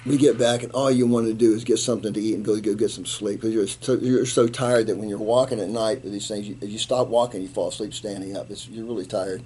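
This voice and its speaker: A man in his seventies, a retired Army colonel, telling animated stories in an interview and acting out the quotes. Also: on the low side, fast talker, few pauses, a little hiss or hum. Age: 70s. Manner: animated anecdote teller, acts out quotes, laughs. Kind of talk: storytelling in an interview.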